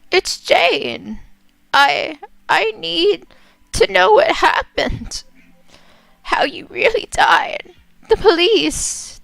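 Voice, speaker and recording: A woman voicing a grieving young woman who calls out to her dead mother, breathy and pleading. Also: very high-pitched, a bit bright, no echo, pitched above the performer's own voice, exaggerated voice, rough recording. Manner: pleading, tearful.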